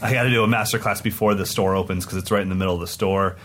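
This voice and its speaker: A man co-hosting a podcast, telling stories in an excited, rambling way in casual chat. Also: low-pitched, very fast, a little hiss or hum. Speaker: podcast co-host and touring drum clinician.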